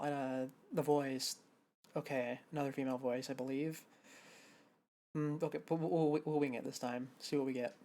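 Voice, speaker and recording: A woman's voice: deep voice, darkish tone. A woman streamer giving casual, self-deprecating commentary while playing a game. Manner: chatty, self-deprecating, thinking aloud.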